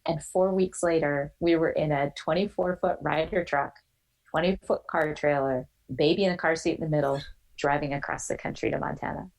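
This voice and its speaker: A woman in her forties telling a personal story as a podcast guest, animated and quick to act out the voices of others. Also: sits low, poor audio.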